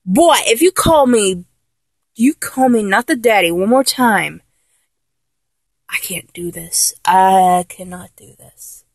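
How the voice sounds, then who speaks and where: Slow and husky, her mid-range voice comes through a dry recording. She plays a flustered young lover in a comedic audio role-play who can't manage to act dominant despite repeated tries, speaking with exasperation and constant self-correction.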